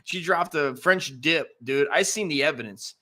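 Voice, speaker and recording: Podcast co-host, middle-aged male, animated and crude storyteller, bright forward tone. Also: on the high side, moderate pace. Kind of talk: casual storytelling chat.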